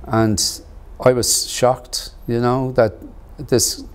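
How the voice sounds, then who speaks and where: A middle-aged man, telling his life story in an interview, measured and earnest, with pauses and fillers. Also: medium pitch, little pitch movement, smooth. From Ireland. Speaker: actor and author interviewed about his book. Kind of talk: reflective personal storytelling.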